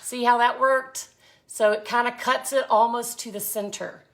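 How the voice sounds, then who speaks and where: Working through a live craft tutorial, this middle-aged host is chatty and folksy, welcoming viewers by name. Her voice is a little high and a bit bright, with fairly even intonation and a moderate pace.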